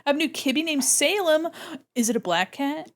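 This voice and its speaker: A young woman on her art stream talks in a casual, playful way, with a slightly high voice. She chats with her viewers as she draws and speaks close to her desk microphone. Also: expressive, fairly quick. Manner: playful, chatty, imitates her cats with squeaky noises. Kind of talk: casual livestream chat while drawing.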